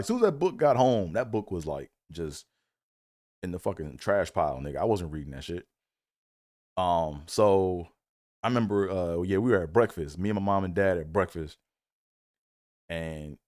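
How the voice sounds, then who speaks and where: A man's voice: sits low, no room sound, studio quality. A man from Maryland telling a loose, profane childhood story with lots of fillers and restarts. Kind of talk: casual comedic storytelling.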